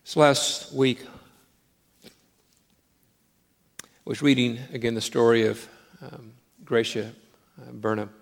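A man preaching a sermon, moving between loud, emphatic declarations and hushed, intimate storytelling. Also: medium pitch, little pitch movement, measured pace, gravelly, long pauses. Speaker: pastor.

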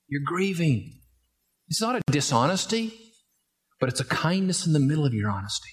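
A man's voice: on the high side, very animated, normal speed, pauses often. A middle-aged man preaching a sermon, telling a family story and building to emphatic rising peaks. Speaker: pastor.

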